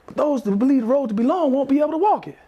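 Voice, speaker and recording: The recording is lo-fi, capturing a man's very high, expressive voice, dark in tone and rapid-fire. He's a motivational speaker leading a class of teenagers in call-and-response affirmations, emphatic and repetitive throughout.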